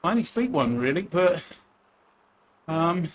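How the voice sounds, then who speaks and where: A man's voice: a little high, very animated, a little slow, slight background noise. A man from Essex with an Essex accent, chatting casually and joking at his own expense while racing. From Essex, England. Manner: chatty, joking, self-deprecating. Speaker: cycling vlogger.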